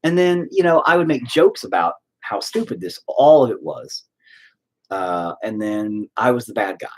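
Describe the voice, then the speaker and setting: Husky man ranting with lively pitch. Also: normal speed. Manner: profane, animated, rambling. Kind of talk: casual ranting chat.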